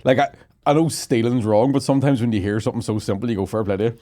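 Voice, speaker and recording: A man's voice: mid-range voice, quick pace, mellow. A young man, co-hosting a podcast, telling crude stories in casual banter. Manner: crude, swearing, joking storyteller. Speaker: podcast co-host.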